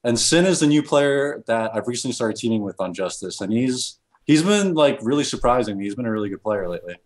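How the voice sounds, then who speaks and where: A man's voice: medium pitch, expressive, a little fast. A man answering interview questions as a professional gamer, hesitant and full of restarts.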